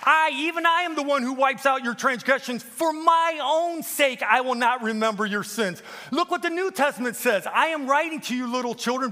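A man preaching with a very high, bright, forceful voice. He fires rhetorical questions at the congregation and quotes scripture at length. His volume swings between loud calls and hushed, intense reading. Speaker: guest preacher. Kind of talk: sermon.

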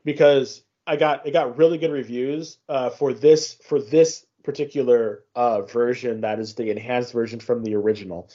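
A man's voice: medium pitch, fairly even intonation, dark tone, highs cut off. A man casually chatting on a gaming podcast, rambling with many restarts as he recounts a game. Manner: rambling, many restarts, acts out game dialogue in quick voices. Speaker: podcast host.

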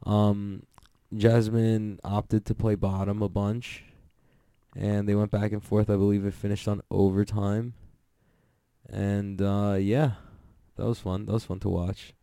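Young male host, loose excitable recap talk with lots of swearing; dark, mellow tone. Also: lowish voice, unhurried, vocal fry, clear, resonant tone, dry recording, clean studio sound. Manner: rambling, profane, excitable, laughs often. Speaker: podcast host recapping jiu-jitsu events. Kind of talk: casual solo recap.

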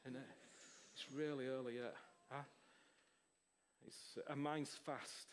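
A man, preaching an informal charismatic sermon in an excitable, rambling way. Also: medium pitch, slow pace, slight background noise.

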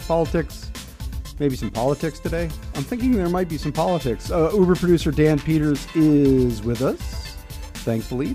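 Middle-aged male talk radio host, warm low-key tone, rambling and self-deprecating. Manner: chatty, self-mocking, rambling with restarts. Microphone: studio mic.

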